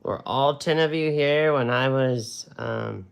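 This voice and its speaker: A man's voice: mid-range voice, slow, creaky, smooth. A man teaching watercolor on a live stream, chatting and joking as he draws. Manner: joking, rambling, talks while drawing. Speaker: watercolor art instructor. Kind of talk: casual live-stream art lesson.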